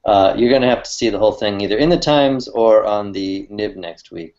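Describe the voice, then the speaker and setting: A man co-hosting a casual chat with a fellow cartoonist, talking in a rambling, halting way and laughing easily. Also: fairly low pitch, darkish tone, highs cut off. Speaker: cartoonist co-host.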